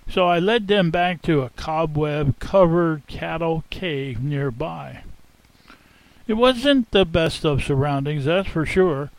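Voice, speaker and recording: A man telling a first-person dramatic monologue as an innkeeper, theatrical and expressive, savoring the tale. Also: on the high side, slow, no room sound, poor audio. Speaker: storyteller.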